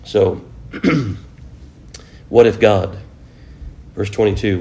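A man with a fairly low, steady, warm voice that's a bit creaky speaks at a moderate pace. Teaching an informal Bible lesson, he converses with his class, asks them questions, and fills in often with "you know."

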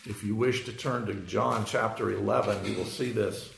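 A man preaching a sermon, explaining scripture in an unhurried way with frequent fillers. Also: on the low side, steady tone, creaky, fairly bright tone, a little hiss or hum. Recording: echoey room.

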